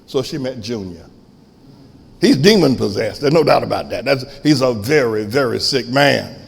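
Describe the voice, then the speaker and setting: A man preaching a sermon as pastor, shifting from quiet storytelling to sudden shouts. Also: mid-range voice, expressive, normal speed, creaky, breathy edge, big-room sound.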